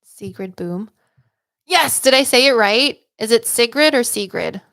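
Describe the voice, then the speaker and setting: A woman's voice: a little high, a little slow, a bit bright, no echo, clean studio sound. A woman hosting livestream psychic readings, chatty and upbeat, rambling with lots of "like" and "um". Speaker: psychic medium host.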